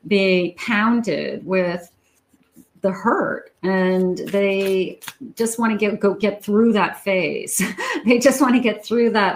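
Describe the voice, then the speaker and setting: A woman giving a tarot love reading, talking slowly and musingly to her viewers. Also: mid-range voice, rough recording. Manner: slow, musing, talks to the viewer. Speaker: tarot reader.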